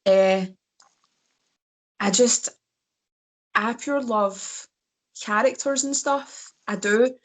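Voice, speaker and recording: A woman with a Scottish accent, a wrestler talking as a guest in casual chat, slightly hoarse and laughing often between fillers. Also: fairly high pitch, very slow, pauses often.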